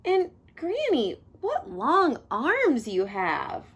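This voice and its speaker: A woman's voice: high voice, huge pitch swings, extremely slow, voice pushed up, full character voice. A woman voicing a polite little girl in a red hood, prim and well-mannered as she reads a picture book aloud. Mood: sweet, innocent.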